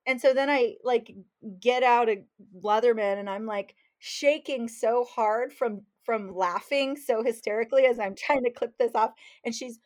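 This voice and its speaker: A fishing guide appearing as a podcast guest tells a story in casual conversation, acting out what people said and laughing along the way. Her voice sits a little high, and she speaks at a normal speed.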